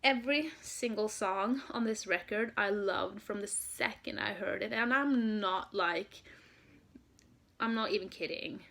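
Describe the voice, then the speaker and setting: A young woman from Norway telling a story in a casual vlog, gushing and excited, with lots of "um" and "like". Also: medium pitch, a little slow. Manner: excited, gushing, many fillers. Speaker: vlogger, fan.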